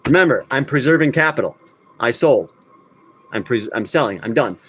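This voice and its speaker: A man's voice: mid-range voice, lively intonation, normal speed, a bit bright, slight background noise. A man hosting a live crypto talk stream, talking casually and bluntly, getting worked up and scolding his viewers. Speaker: crypto channel host.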